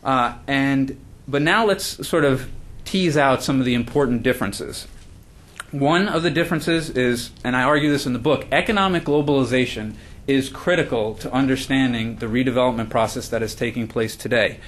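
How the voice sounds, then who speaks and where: A man's voice: mid-range voice, moderate pace, a bit bright. A man, as the author, giving a book talk at a launch event, earnest, with frequent fillers and restarts. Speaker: author presenting his book.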